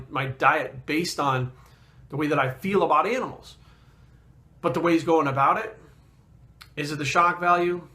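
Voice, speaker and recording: A man, a fitness trainer, telling a story in a casual vlog, blunt and animated and swearing constantly. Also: a little high.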